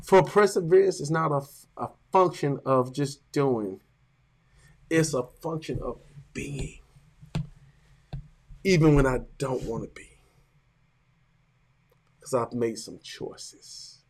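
A man preaches to his congregation in a gravelly, somewhat high voice. He leans into his emphasis and stretches words out slowly for weight. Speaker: pastor. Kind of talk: sermon.

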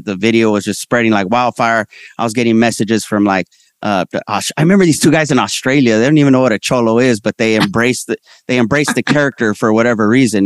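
A man talking as a comedian guest in a casual interview, telling stories in slangy, animated speech and voicing the people he quotes. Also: on the low side, clean tone, dry recording, studio quality.

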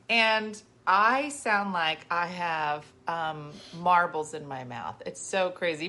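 A middle-aged woman hosting a casual livestream chat, animated and talkative, thanking viewers between stories. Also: on the low side, slow pace, few pauses. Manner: animated and chatty, thanking viewers mid-sentence. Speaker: livestream host.

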